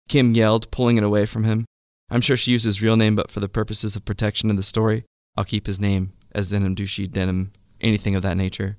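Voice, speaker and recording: A man tells a funny true story in a wry, deadpan way. His voice sits low with a gravelly edge. The recording is dry and close, with a faint music bed underneath. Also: a little fast, dry recording. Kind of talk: first-person comic storytelling.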